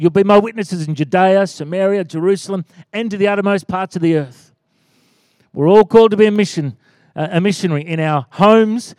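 Pastor in his forties, high voice, dry close sound, lively preaching with calls for amen. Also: dry recording. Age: 40s. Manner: animated, rising to loud exclaims and calls for amen. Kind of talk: sermon.

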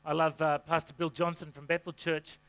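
A man preaching a sermon to a congregation from a church stage, with an energetic, folksy delivery full of rhetorical questions. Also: a little high, moderate pace, smooth. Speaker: pastor.

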